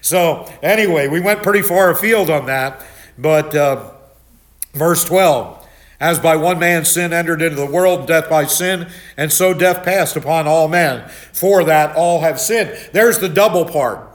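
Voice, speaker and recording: Loud, animated older male preacher. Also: on the high side, a little slow. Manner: loud, animated storytelling with many restarts. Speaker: pastor. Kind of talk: Bible study sermon.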